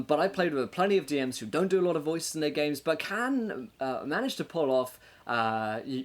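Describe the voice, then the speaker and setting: Male game master hosting a live stream, mid-range voice, chatty and upbeat, laughs between points and leans on fillers. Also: mid-range voice. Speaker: game master and show host. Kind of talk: casual livestream monologue with tips for game masters.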